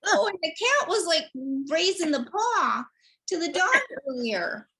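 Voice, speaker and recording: A woman's voice: very high-pitched, bright, forceful tone. A middle-aged woman hosting an animal messages show, telling stories in a chatty way and laughing often. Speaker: animal communicator host. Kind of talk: casual chat.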